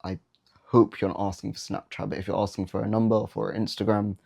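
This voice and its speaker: A man's voice: fairly low pitch, little pitch movement, fairly quick, creaky, a little mellow, breathy edge. A young man giving dating advice in a casual, blunt, slangy monologue, often mocking the habits he warns against.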